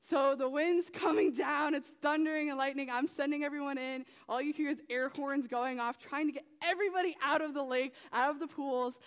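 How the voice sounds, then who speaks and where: A young woman with a fairly high voice tells a story to a youth group in a lively, chatty way, full of fillers and asides. Her voice rings out with a long reverb, as in a large hall. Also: a little fast, hardly any pauses, lo-fi sound. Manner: animated storytelling with many fillers. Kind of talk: testimony talk to youth.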